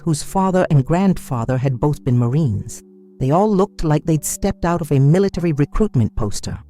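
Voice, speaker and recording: A man reading a dramatic scripted story in a measured, storytelling manner, with soft music behind. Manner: measured storytelling with wide pitch swings. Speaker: narrator.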